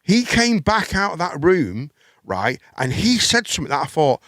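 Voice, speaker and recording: A middle-aged man hosting a live chat show, his voice sitting a little high. He rambles along with stammered restarts and casual swearing. The sound is dry and close, with no room around it. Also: sing-song, normal speed, a bit bright, dry recording.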